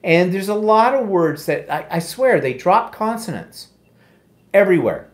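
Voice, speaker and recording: A man's voice: high-pitched, sing-song, moderate pace. A middle-aged man with an Ontario Canadian accent, co-hosting a casual live chat in a wry, self-deprecating way. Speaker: co-host.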